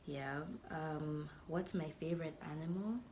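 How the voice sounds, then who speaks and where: A woman's voice: low voice, a little slow, a little mellow, slight background noise. A young woman from Zambia in her twenties, chatting playfully to camera in a casual vlog and often dropping to a near-whisper. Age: 20s. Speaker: vlogger.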